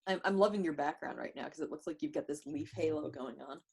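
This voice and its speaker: A woman's voice: low-pitched, fast, gravelly, a little mellow, husky. A woman co-hosting a podcast over a video call, telling stories in a chatty, casual way. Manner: chatty storyteller. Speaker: podcast co-host. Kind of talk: casual chat.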